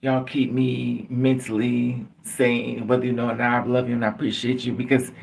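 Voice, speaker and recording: Man, gravelly voice, rambling and chuckling, casual live-stream storytelling, mic set away from him. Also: medium pitch, level tone, moderate pace. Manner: rambling, chuckling, restarting phrases. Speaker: livestream host. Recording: distant mic.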